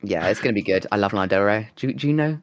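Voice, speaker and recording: A young man co-hosting a casual chat, animated and swearing, acting out what people said. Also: on the low side, very fast, no echo. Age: young adult. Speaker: podcast co-host and streamer.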